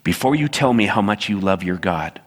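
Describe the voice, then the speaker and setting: Male pastor, low-pitched, storytelling sermon voice with animated asides, reverberant church hall. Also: moderate pace, slightly rough.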